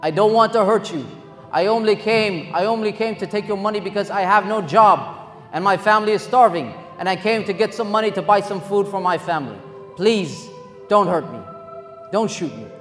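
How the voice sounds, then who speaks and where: A man's voice: high-pitched, normal speed, a bit bright, pitched above the performer's own voice. A man voicing a desperate male robber begging for mercy in a retold story. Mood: pleading. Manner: pleading. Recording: long hall reverb, faint music.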